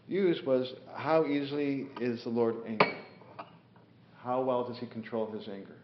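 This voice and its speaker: This spiritual teacher leads a scripture class in a mid-pitched voice, relaying stories at a relaxed pace full of fillers and acting out the figures in them. The lo-fi recording is dull and echoey, with slight background noise.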